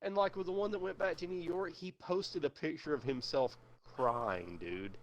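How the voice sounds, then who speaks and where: Speaking at a moderate pace in a fairly high voice, a young streamer spins a lengthy story in casual chat. His telling is rambling and profane, stuffed with filler words.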